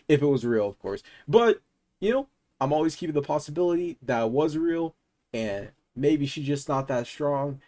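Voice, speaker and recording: A man's voice: fairly high pitch, lively intonation, moderate pace, warm tone. Man, casual storytime, slangy, emphatic, exasperated outbursts. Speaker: streamer telling a story.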